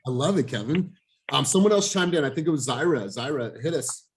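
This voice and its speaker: A man's voice: on the high side, lively intonation, brisk. A man hosting a group coaching video call, speaking in an intense, emphatic way and swearing now and then.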